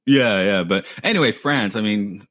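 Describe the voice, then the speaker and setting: A man with a low voice chats loosely on a podcast. He rambles, trips over his words and corrects himself. The sound is dry and close. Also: normal speed, fairly bright tone, no echo. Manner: rambling, self-correcting, laughs easily. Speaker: podcast co-host. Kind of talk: casual chat.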